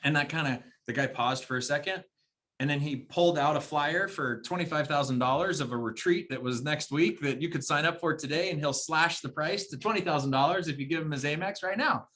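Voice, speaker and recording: Rambling chatty man, fairly high voice. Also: a little fast, pushed and bright. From Arizona. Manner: rambling storyteller with restarts. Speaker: podcast co-host. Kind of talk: casual chat.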